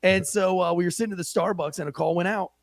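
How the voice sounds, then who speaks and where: A man's voice: sits high, steady tone, quick pace, gravelly. A man who co-hosts the show and serves as a police officer, telling a story with brash, profane energy and acting out the people he quotes. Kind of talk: animated storytelling.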